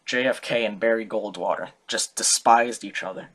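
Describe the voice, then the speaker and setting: A young adult man gives a casual, comic student talk, his voice on the low side and at normal speed against a noisy background. He rambles and jokes, correcting himself as he goes.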